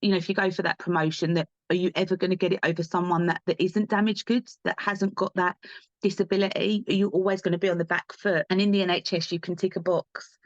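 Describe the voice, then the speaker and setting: A woman's voice: lowish voice, little pitch movement, fast talker, no room sound, muffled recording. A young adult woman from England, speaking as a podcast guest in candid interview talk, earnest and driven, repeating herself for emphasis.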